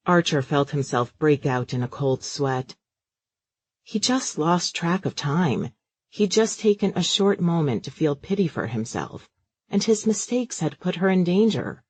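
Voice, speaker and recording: A man narrates a romance audiobook at a measured, even storytelling pace. His voice sits in the mid range, and the recording is dry.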